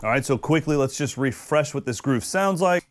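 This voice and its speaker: A man's voice: medium pitch, animated, normal speed, loud music behind the voice. A man giving a casual, friendly drum lesson who sings out drum patterns with his voice. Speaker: drum teacher. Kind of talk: casual instructional talk.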